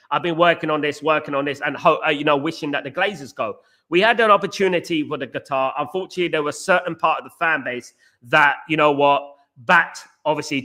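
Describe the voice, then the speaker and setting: A man's voice: fairly high pitch, bright, forceful tone. A man hosting a casual football fan live stream, passionate and repetitive, often speaking straight to his viewers. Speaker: podcast host.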